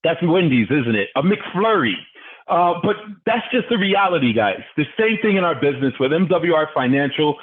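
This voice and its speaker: A man's voice: on the high side, very animated, moderate pace. A man leading a motivational business training call, fired up and preachy, often putting questions to his listeners. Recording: tinny phone-line audio.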